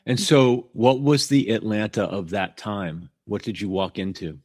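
A man hosting an interview podcast, introducing his guest and asking curious, measured questions. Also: fairly low pitch, steady tone, husky. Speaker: podcast host.

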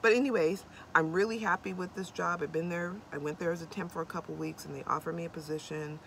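Woman, young adult, van life vlog, bubbly and corny, rambling, fry in the voice, faint hiss behind. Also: fairly low pitch, fairly even intonation, quick pace. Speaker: vlogger. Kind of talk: casual vlog chat to camera. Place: inside a cargo van.

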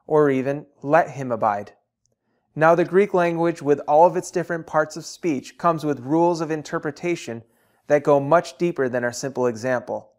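Measured, teacherly man with a higher voice. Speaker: tutorial presenter. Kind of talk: scripted explanatory narration.

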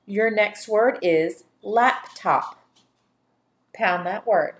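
A woman teaching phonics on video, stretching out each syllable for young learners. She speaks at a slow, patient pace with a medium pitch. Her delivery is deliberate and instructional. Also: expressive. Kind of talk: phonics dictation lesson.

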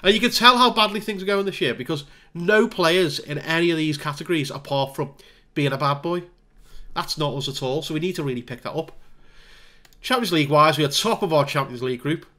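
A man with a slightly raised voice talks through a football management game as a casual let's-play. He narrates the action play-by-play, makes dry jokes at his own expense, and gets excited when goals go in. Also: on the high side, fairly quick. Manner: wry, self-deprecating asides. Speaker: gaming video creator.

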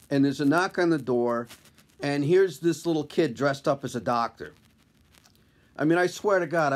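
Brief: male comedian, self-deprecating storyteller, slightly high voice, casual. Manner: wry, conversational, self-deprecating. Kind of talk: comic personal storytelling to camera.

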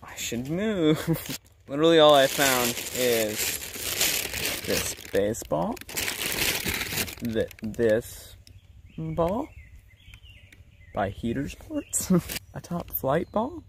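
A giggly vlogger talks slowly and unhurriedly, with a very lively, bouncy pitch. Outdoor nature noise comes through clearly on the camera mic. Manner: giggly, joking, talking to viewers. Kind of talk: rambling solo hiking vlog. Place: outdoors in woods. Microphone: handheld camera mic.

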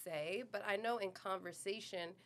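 A woman from New York, a podcast guest, telling a personal story in a chatty way, often trailing off softly. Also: mid-range voice, normal speed, a crowd in the background. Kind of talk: casual storytelling.

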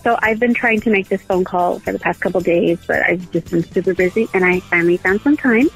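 A woman's voice: on the low side, brisk, slightly rough, soft background music, rough recording. A woman caller leaving a playful, mock-angry voicemail for a podcast. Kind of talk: chatty voicemail.

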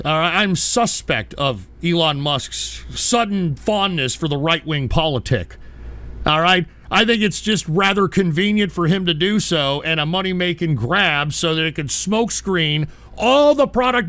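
A man's voice: high voice, expressive, normal speed, pushed and bright. A man hosting a call-in radio show, ranting and swearing constantly in exasperation. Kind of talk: profane call-in radio rant.

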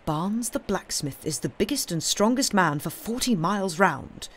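A woman reading the lines of a stern, pious male curate in a quiet, grave manner, from a storybook. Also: lowish voice, very animated, moderate pace, a little hiss or hum.

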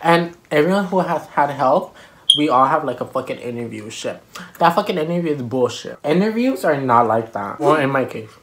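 A woman with a notably low voice tells a story in a heated, blunt and swear-filled way. She is hosting her own vlog and eating on camera at home. A faint hiss runs under the recording. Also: animated, normal speed, a bit bright, poor audio. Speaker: vlogger host. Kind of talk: casual storytelling chat while eating.

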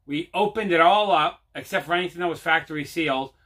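A man's voice: on the high side, quick pace, pushed and bright. A man hosting his own home video, telling a long casual story with lots of fillers and repeats. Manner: rambling, repeats himself, many fillers. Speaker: host.

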